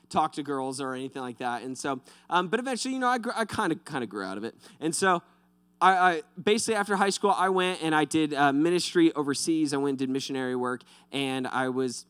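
A young man preaching, his voice bright and crisp. He tells animated, self-deprecating stories. The sound is dry and close. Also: on the high side, dry recording. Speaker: pastor. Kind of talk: sermon with personal stories.

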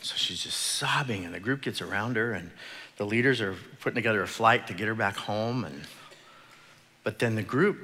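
Bright-voiced middle-aged preacher in a hall. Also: male voice, lowish voice, slight background noise. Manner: storytelling, halting with repeated words. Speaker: pastor. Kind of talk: sermon. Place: church sanctuary. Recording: echoey church hall.

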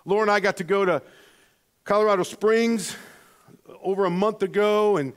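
A man pastor preaching a sermon in an earnest manner, moving between quiet stretches and emphatic ones, often restarting his phrases. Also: sits high, normal speed.

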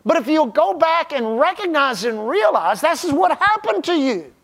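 High-voiced preaching pastor, emphatic. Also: male voice, big pitch swings, normal speed. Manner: emphatic preaching, stretching key phrases and dropping to a hush. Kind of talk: sermon.

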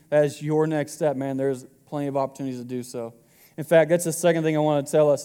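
A man's voice: a little high, darkish tone, smooth, big-room sound. A man in his twenties preaching a sermon to his congregation in a casual, joking way. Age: 20s. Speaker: pastor.

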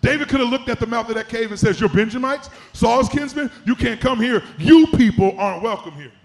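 A man's voice: very high-pitched, animated, fairly quick. A middle-aged man preaching a sermon in a church, building to chanted, emphatic peaks. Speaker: pastor.

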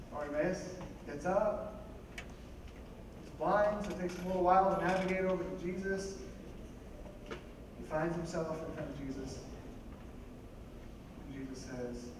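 High-voiced preacher in an echoing hall. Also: male voice, a little slow, pauses often. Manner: conversational, animated, asks the audience questions. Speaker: pastor. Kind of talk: sermon. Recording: echoey hall, voice from a distance, background noise.

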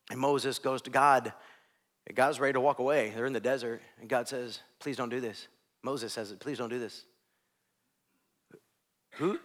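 A man preaching a sermon as a pastor, telling stories animatedly and swinging between hushed near-whispers and loud, excited lines. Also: medium pitch. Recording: long hall reverb.

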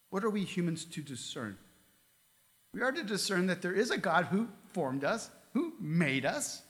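A male pastor preaching a sermon in a church, reading scripture aloud and asking the congregation earnest questions. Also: high-pitched. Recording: long reverb of a large hall.

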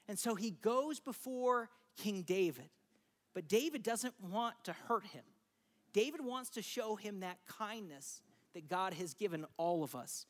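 A preacher retells a scripture story in an easygoing, chatty sermon. The voice sits in an ordinary middle pitch, and the delivery keeps inviting listeners in with quick asides. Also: expressive.

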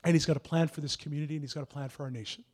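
A young man preaching a sermon, earnest and encouraging, building into shouted prophetic declarations. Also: fairly high pitch, fairly even intonation, rapid-fire.

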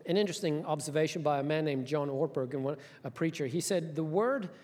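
A man preaching a sermon as a pastor, telling a story in an animated, conversational way with asides to the congregation. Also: on the high side, brisk, in a large hall.

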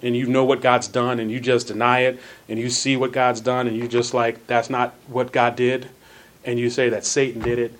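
Man, Bible class teacher, earnest, repetitive emphasis, slow deliberate scripture reading, mid-pitched voice. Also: level tone, slight background noise. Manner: earnest, repeats phrases for emphasis; reads scripture slowly with stressed words.

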